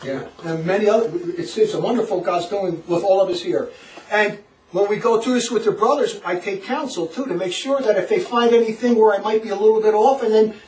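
A man giving a passionate religious lecture to a small group, animated and laughing often as he acts out quotes. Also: sits high, fairly quick, roomy sound, recorded from a distance, rough recording. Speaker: religious teacher.

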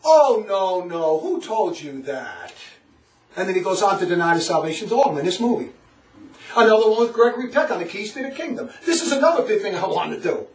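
Impassioned high-voiced man lecturing. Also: fast talker, echoey room, recorded from a distance, low-quality recording. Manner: impassioned, animated, laughs often, acts out quotes. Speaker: religious teacher. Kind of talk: passionate lecture to a small group.

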